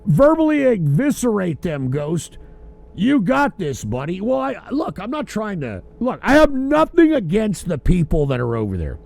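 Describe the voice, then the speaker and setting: A tipsy man hosting a call-in livestream, ranting loudly and profanely. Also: high voice, huge pitch swings, normal speed, creaky. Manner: loud, profane, rambling rant. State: drinking, tipsy. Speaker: host of a call-in livestream show.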